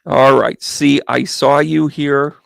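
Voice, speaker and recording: A chatty man reads tarot cards for a live-stream audience and greets viewers by name as he talks through each card. His voice has a gravelly, creaky edge at an everyday middle pitch, and the sound is close and dry. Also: fairly even intonation, slow pace, no room sound. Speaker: psychic medium giving tarot readings.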